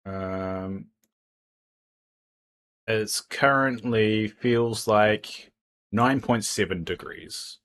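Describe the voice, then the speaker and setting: Low-voiced rambling New man. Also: very slow, pauses often, fairly bright tone. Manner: rambling, chatty, stumbles and repeats words. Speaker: streamer. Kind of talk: casual livestream chat. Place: home, indoors.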